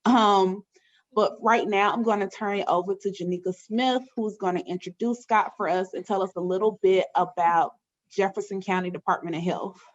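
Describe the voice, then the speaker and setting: A woman's voice: mid-range voice, fairly even intonation, moderate pace. A woman hosting an online webinar in a chatty, friendly way, with frequent filler words. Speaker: webinar host. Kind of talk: casual hosting with housekeeping announcements. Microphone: video call. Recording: muffled video-call audio.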